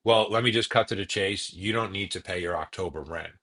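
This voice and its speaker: A man's voice: low voice, brisk, sharp tone. A man voicing a friendly, matter-of-fact English neighbor with a light English accent.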